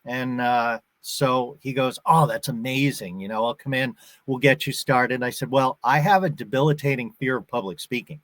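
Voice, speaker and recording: A man's voice: mid-range voice, steady tone, moderate pace, a bit bright, dry recording. 50s guy from boston, faint boston accent, storytelling, dry close mic. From Boston area, USA. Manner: storytelling, acts out quoted voices. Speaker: actor and guest. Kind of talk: casual interview chat.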